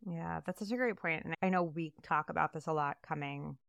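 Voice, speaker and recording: A woman co-hosting a casual podcast chat, talking in an animated way and acting out the voices she quotes. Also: low voice, brisk, gravelly, clean tone, no room sound, studio quality. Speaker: podcast co-host.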